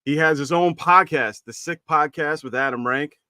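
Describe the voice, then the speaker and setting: A man co-hosting a podcast, introducing a guest in a relaxed, upbeat way. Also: a little high, moderate pace, no room sound, studio quality. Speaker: co-host. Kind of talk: casual podcast chat.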